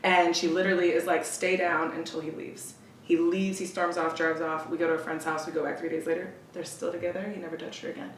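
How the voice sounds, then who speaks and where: Intense woman telling a raw personal story. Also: flat delivery. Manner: emotional, intense, quick asides, quotes others in a lowered voice. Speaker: podcast guest. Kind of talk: candid conversational storytelling. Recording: roomy echo, distant from the mic, faint hiss.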